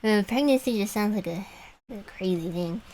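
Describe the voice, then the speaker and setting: A woman's voice: mid-range voice, moderate pace, mellow, rough recording. Giggly, rambling young woman streamer. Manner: rambling, giggly, chatty with viewers. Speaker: vtuber streamer. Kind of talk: casual chat while drawing on stream.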